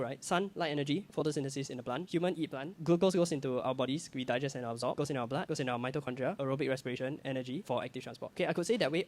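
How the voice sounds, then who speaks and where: A young man giving a live exam-prep lecture, full of energy and constantly quizzing his class before answering his own questions. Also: fairly high pitch. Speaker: exam tutor.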